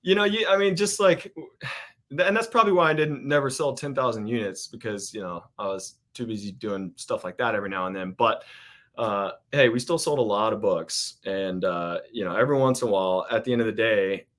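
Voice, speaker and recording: A man's voice: fairly low pitch, brisk, a bit bright. A man as a podcast guest, telling stories in a rambling, casual way with lots of fillers and restarts. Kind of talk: casual storytelling chat.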